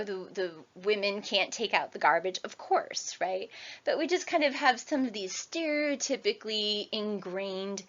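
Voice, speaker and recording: A woman's voice: mid-range voice, fairly bright tone, highs cut off. A woman in her forties giving a recorded university lecture in a conversational way, often checking in with "right?". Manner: conversational, tags sentences with "right?".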